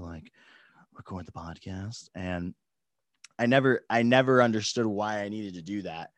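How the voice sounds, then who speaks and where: A man's voice: lowish voice, expressive, measured pace, no room sound. A young man hosting a casual live stream from his home studio, laid-back, laughing often and swearing freely. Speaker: podcast host.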